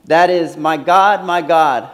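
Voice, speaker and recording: A man's voice: on the high side, takes it slowly. A man preaching a sermon earnestly, repeating phrases and using many fillers, in a large hall. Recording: long hall reverb.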